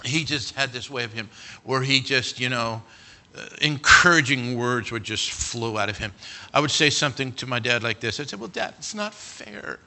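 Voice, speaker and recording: A middle-aged male pastor preaching a sermon, telling stories and swinging from quiet asides to loud near-shouts. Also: medium pitch, normal speed.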